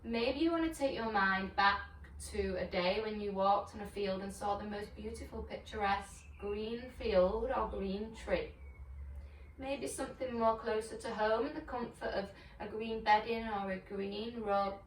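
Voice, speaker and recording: A woman teaching yoga, guiding breath and chanting in a slow, soothing, gentle way. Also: mid-range voice, fairly even intonation, roomy sound, distant mic, slight background noise. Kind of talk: guided yoga and meditation instruction. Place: home room on a video call.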